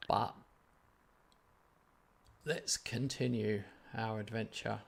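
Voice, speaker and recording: A man's voice: fairly low pitch, slow pace, gravelly, long pauses. A man streaming a football management game, chatting and teasing his co-player. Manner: banter-filled, animated, teasing. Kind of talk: casual gaming chat.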